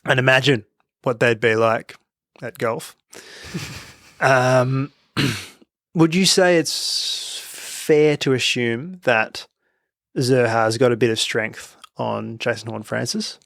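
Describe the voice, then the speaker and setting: A man's voice: medium pitch, steady tone, slow, creaky, a bit bright, no echo, clean studio sound. A young Australian man co-hosting a sports podcast, laid-back and casual, dropping "mate" often. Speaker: podcast co-host.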